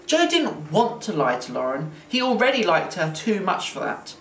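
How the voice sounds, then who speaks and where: A man's voice: high voice, normal speed. Man reading a children's story aloud. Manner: expressive, playful narration. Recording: roomy, distant mic, faint hiss.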